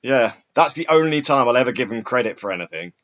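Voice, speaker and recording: A man who is a guest on a podcast in casual chat, laughing often and telling stories with animated quoting. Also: medium pitch, fast talker. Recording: dull lo-fi sound.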